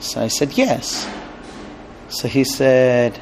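A man's voice: a little high, measured pace, a little mellow, slight background noise. A man teaching a Torah class, earnest and conversational, telling a personal story. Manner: earnest, storytelling, with restarts and light laughs.

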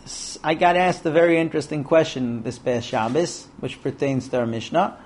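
Guy teaching a torah class to men, kinda high voice, super animated, does little voices for quotes. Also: normal speed, a little hiss or hum. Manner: animated, acts out quoted voices and asks rhetorical questions.

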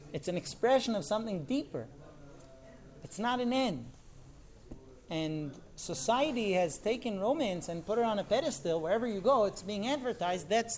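Animated man preaching with emphasis. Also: high-pitched. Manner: emphatic, with rhetorical questions and acted-out quotes. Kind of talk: sermon.

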